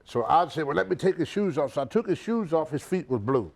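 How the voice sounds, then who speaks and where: Older man, repeats himself, acts out voices, slightly high voice. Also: a little fast, vocal fry. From United States. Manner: animated storyteller, repeats words, acts out others. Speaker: interview guest, retired wrestler. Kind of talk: shoot interview storytelling.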